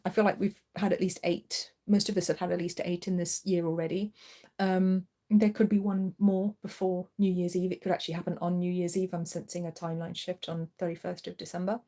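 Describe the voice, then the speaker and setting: A woman's voice: lowish voice, dark tone. A woman hosting a live tarot reading, chatty and reassuring, encouraging listeners in a casual spoken style. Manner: coos to her cat in a playful voice. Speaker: tarot reader and channel host.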